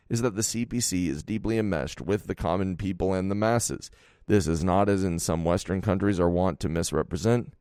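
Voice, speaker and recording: Low-voiced guy narrating an audiobook, steady and measured, dead dry recording. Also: clear, resonant tone, no room sound. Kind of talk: scripted nonfiction narration.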